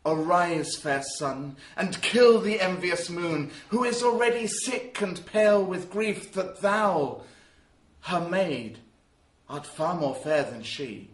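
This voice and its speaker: A man voicing an awestruck young man in love, in a soft, slow, lingering delivery. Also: high-pitched, roomy sound. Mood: tender.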